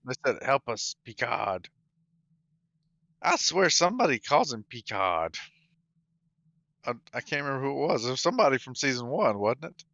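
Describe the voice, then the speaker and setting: A man's voice: mid-range voice, very animated, normal speed, vocal fry, long pauses, fairly bright tone, no room sound, dull audio. A man co-hosting a live-stream podcast, chatting casually with wry, critical humour. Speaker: podcast co-host.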